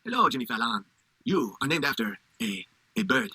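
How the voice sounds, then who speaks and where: A sly cartoon devil who tempts and sneers, voiced by a man. He talks in a smooth, mocking way with a gravelly, raspy edge. The recording is dry and close. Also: mid-range voice, huge pitch swings, normal speed, pushed and bright, no room sound, heavily acted. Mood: tempting. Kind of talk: cartoon parody voice.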